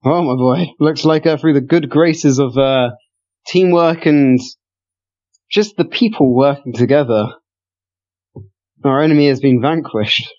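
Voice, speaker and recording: A man's voice: on the high side, a little slow, pauses often, darkish tone. A man playing a tabletop game, joking and laughing with the group. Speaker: player. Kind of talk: casual tabletop play. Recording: dull lo-fi mic.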